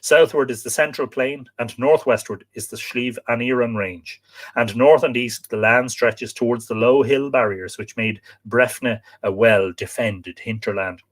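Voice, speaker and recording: Irish man, live stream host, reads aloud, spells names, chats with viewers, middle pitch. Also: fairly even intonation, a little slow. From Ireland. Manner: spells out place names letter by letter, chatty asides to viewers. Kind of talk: live-stream book reading with asides.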